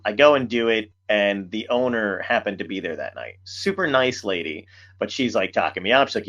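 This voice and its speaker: Animated, swearing male podcast host. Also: fairly low pitch, a little fast, highs cut off. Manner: animated storyteller, swears a lot. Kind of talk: casual chat.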